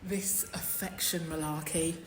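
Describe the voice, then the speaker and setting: A woman's voice: lowish voice, steady tone, measured pace, a little hiss or hum. A woman in her fifties narrating a vlog in a frank, wry way, with sudden bursts of enthusiasm. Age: 50s. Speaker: vlogger. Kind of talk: voice-over narration. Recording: somewhat distant voice over clear music.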